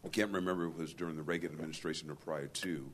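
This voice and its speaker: A man's voice: extremely low pitch, fairly even intonation, very fast, slight background noise. A man from the congregation speaking up from the floor, hesitant and searching for his words. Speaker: church member asking a question. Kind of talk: question from the floor.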